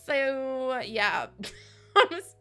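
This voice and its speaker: A bright, fairly high-pitched young woman chats away while she streams a game. She rambles through her stories and laughs often, with faint music playing behind her. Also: expressive, drawn-out words. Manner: chatty, rambling storyteller who laughs often. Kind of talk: casual chat while streaming. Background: faint background music.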